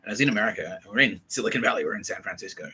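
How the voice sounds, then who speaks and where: A man's voice: lowish voice, very fast, slight background noise, low-quality recording. An Australian man hosting a podcast, telling a casual story with lots of swearing and acted-out quotes. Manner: animated, swears often, acts out quoted voices. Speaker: podcast host.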